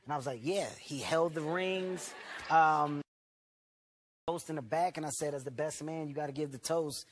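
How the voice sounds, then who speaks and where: A man, a comedian, telling animated family stories full of laughter in stand-up and talk show clips. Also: fairly high pitch, normal speed, a little hiss or hum.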